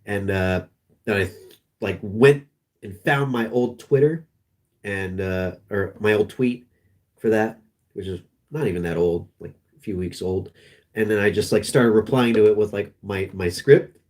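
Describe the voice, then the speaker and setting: A man streaming live, chatting casually in a rambling, halting way full of restarts. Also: fairly low pitch, darkish tone. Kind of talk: casual livestream chat.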